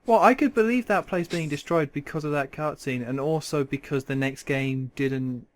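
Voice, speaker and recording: A young man hosting a podcast in casual chat, talking quickly with sarcastic asides. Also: a little high. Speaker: podcast host.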